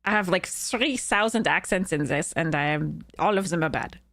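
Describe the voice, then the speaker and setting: A woman's voice: fairly low pitch, normal speed, a bit bright. A woman streamer chatting casually on a live stream, bubbly and giggly, rambling with frequent laughter. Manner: rambling, with many fillers and restarts. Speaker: streamer and content creator.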